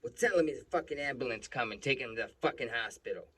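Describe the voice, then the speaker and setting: A man voicing an abusive, foul-mouthed male police officer who shouts and sneers. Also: medium pitch, lively intonation, fast, breathy edge. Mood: bullying. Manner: shouting, crude, bullying.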